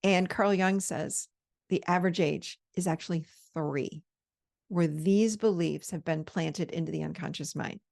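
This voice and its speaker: A woman in her fifties talks through how to handle triggers in a casual coaching tone. Her voice sits low and has a gravelly edge. She often slows down to act out calm, soothing self-talk. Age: 50s. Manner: conversational, with quoted inner dialogue. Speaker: host.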